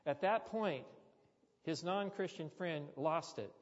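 A man's voice: fairly high pitch, slow pace. A man preaching a sermon, telling a story with chatty, joking asides to the congregation. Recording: dull sound with long hall reverb.

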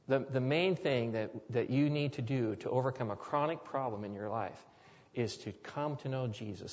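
A man preaching a sermon as a pastor, earnest and building to emphatic repetition. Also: mid-range voice. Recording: long hall reverb, dull lo-fi sound.

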